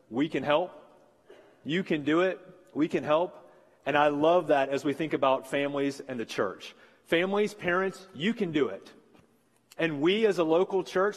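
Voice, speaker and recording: A pastor in his forties preaches to his congregation, his fairly high voice carrying through a large, reverberant sanctuary. He talks earnestly and encouragingly, repeating his main lines for emphasis. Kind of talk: sermon. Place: church sanctuary.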